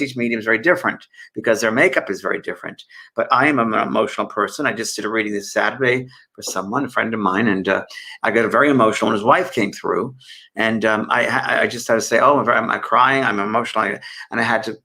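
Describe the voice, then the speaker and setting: Gravelly bright-voiced male medium. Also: on the low side. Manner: gentle, rambling, answers viewer questions with many fillers. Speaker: spiritual medium and host. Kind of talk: live online Q&A and guidance.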